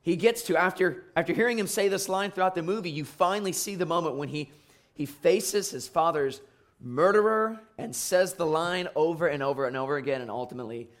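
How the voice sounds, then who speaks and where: A man's voice: on the high side, brisk. A man preaching a sermon as pastor, reading scripture and then speaking conversationally, with frequent fillers and restarts.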